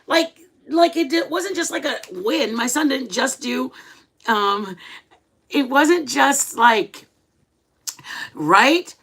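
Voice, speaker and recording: Speaking slowly with long pauses, this middle-aged livestream host has a high-pitched voice with a breathy edge. She chats casually with her viewers, animated and chatty, and tells stories dramatically.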